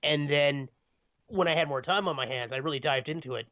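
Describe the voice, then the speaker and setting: A man's voice: fairly high pitch, a little fast, no echo. A man co-hosting a casual podcast from home, rambling and cutting himself off, with frequent chuckles. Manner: rambling, self-interrupting, chuckling. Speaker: podcast co-host. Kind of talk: casual chat. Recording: tinny phone-like dry sound.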